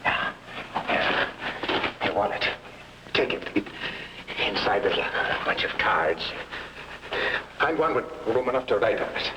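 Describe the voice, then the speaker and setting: A man's voice: fairly low pitch, animated, a little slow, pauses often, noisy background. A frightened blind man. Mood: desperate. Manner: pleading, stammering, talks to himself in worried half-whispers. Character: frightened blind man, bandaged eye, hunted. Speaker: lead actor. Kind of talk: 1960s TV drama acting.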